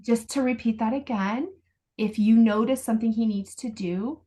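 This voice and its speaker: A woman's voice: fairly high pitch, moderate pace, warm tone. A woman parenting coach on a video call, patiently explaining step by step and acting out sample phrases.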